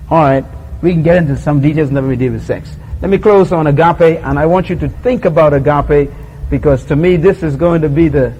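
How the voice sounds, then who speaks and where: A man's voice: on the high side, warm tone, a little hiss or hum, rough recording. A middle-aged man with a Bahamian accent preaching a sermon, acting out little scenes with voices and laughter.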